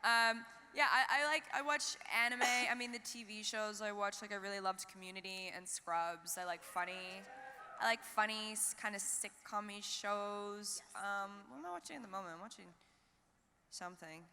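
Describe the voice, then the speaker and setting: A woman's voice: mid-range voice, normal speed, sharp tone, slight background noise. A woman chatting casually and rambling a little as a guest on a convention panel. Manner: casual, rambling, swears offhand. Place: large convention hall. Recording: reverberant hall, faint ambience.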